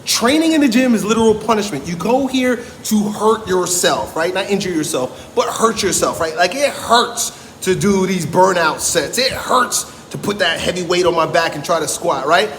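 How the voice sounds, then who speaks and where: A blunt, emphatic man talks casually about training with a fairly high voice. He keeps tossing in "right?" and swears without hesitation. His voice rings with a long echo over a faint background hiss. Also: lively intonation, normal speed, hardly any pauses, fairly bright tone. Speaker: strength coach. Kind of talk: casual motivational talk to camera.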